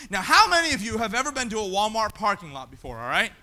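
A man preaching a sermon in a church, swinging between shouted appeals and quiet asides. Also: high-pitched, huge pitch swings, fast. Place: church sanctuary.

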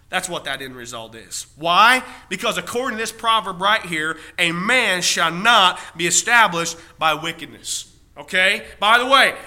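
High, bright, emphatic male preacher. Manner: emphatic, rhetorical questions, repeats key phrases; drawn-out punch words. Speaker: pastor. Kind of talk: sermon.

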